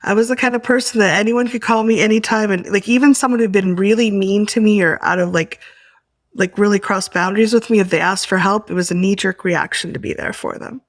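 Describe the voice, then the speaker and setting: Woman, workshop participant, soft, reflective, halting, mid-pitched, dry close sound. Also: no echo. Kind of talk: sharing and guiding tapping.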